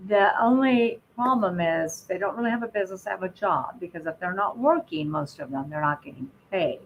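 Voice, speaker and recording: A woman hosting a podcast interview, lively and quick to laugh in casual chat. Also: mid-range voice, vocal fry, dull audio, a little hiss or hum. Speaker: podcast host.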